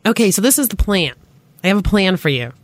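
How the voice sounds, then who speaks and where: A woman's voice: mid-range voice, sing-song, fast, no echo, clean studio sound. A woman with a Boston accent hosting a radio talk show, bubbly and enthusiastic, laughing often. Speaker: host. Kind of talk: casual radio show chat.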